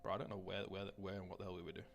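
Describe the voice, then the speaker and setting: A man streaming a game live, his voice gravelly with a rough edge as he rambles and swears. He greets his chat by name between tasks, and faint music plays behind him. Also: sits low, level tone, rapid-fire. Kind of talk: casual live-stream gaming chatter.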